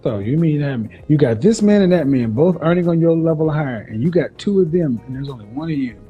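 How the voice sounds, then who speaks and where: A man's voice: a little high, expressive, quick pace. A man giving dating advice on a call-in show, curt and stern as he lectures a caller. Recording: dull lo-fi clip with faint music.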